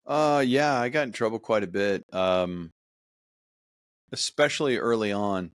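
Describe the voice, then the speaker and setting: A man hosting a casual podcast chat, enthusiastic and quick to laugh. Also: lowish voice, no echo, clean studio sound. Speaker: podcast host.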